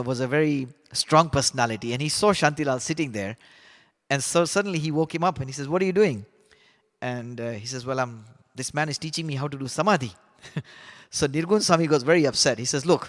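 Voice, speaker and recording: A man telling stories from a biography as a class teacher, in a relaxed, conversational way with fillers and restarts. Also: mid-range voice. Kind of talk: storytelling lesson on a biography. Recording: long hall reverb.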